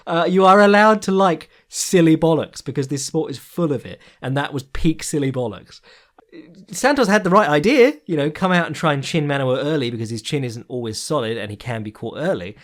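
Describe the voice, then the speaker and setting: A man's voice: a little high, animated, a little fast. A man chats loosely through his podcast commentary, full of ums and restarts. He swears freely and laughs now and then as he rambles on. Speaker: podcast host.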